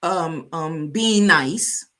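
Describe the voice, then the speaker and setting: A woman's voice: low-pitched, very slow, crowd noise. A woman co-hosting a live online talk show, chatting animatedly, repeating phrases and acting out quoted people. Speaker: co-host.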